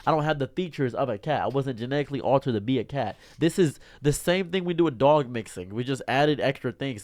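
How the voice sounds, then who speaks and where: A young man streamer giving an exasperated, animated ranting commentary. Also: mid-range voice.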